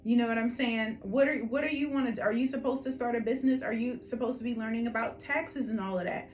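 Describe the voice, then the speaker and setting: A woman with a Philadelphia accent leads a collective tarot reading, her voice sitting on the higher side. She is chatty and affectionate, calling listeners honey and my love and tossing in "okay?" as she goes. Faint music plays underneath. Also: quick pace, poor audio. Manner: animated, emphatic, frequent "okay?" check-ins. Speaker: tarot reader.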